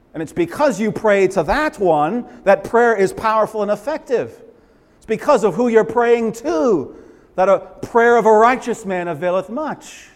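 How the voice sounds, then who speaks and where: A man preaching a sermon as pastor, fervent and emphatic, swinging from loud swells to hushed, quiet lines. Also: high-pitched. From Massachusetts, USA. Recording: long reverberant hall echo.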